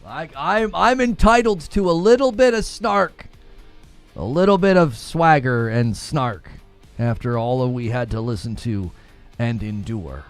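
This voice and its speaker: A young man hosting a gaming livestream, chatting casually in a snarky, animated way and laughing often. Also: medium pitch, measured pace, no echo, soft background music.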